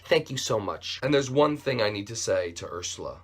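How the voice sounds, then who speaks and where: A young man telling a casual story-time vlog as a YouTuber, with animated, jokey delivery. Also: medium pitch, moderate pace, husky.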